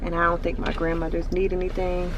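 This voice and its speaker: A woman chatting casually to her viewers in a daily vlog, slipping into high baby talk when she speaks to her dog. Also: fairly quick, background noise. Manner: relaxed, chatty, talks to viewers as y'all. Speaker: vlogger.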